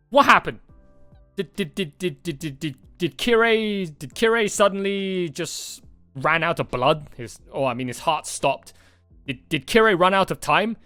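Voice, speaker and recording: A man hosting a movie reaction video, talking excitedly and rambling, with frequent swearing and restarts. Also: high-pitched, no room sound. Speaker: reaction channel host. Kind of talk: casual movie reaction chat.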